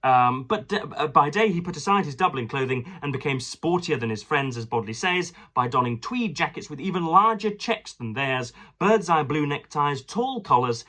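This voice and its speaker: A man's voice: medium pitch, pushed and bright. A man reviewing a book, mixing casual, hesitant chat full of fillers with passages read aloud. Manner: hesitant, many fillers and restarts.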